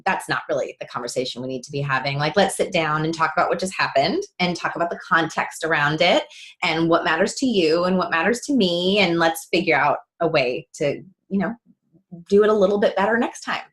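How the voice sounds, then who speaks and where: A woman's voice: low voice, a little fast, a bit bright. A woman speaking as a guest author on parenting, talking thoughtfully in a casual chat and often checking in with "right?".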